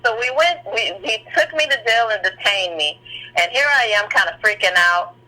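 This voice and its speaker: A woman's voice: mid-range voice, animated, moderate pace, pushed and bright, low-quality recording. A woman calling in by phone, earnestly telling a personal story and acting out the voices of the people in it. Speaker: caller. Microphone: phone line.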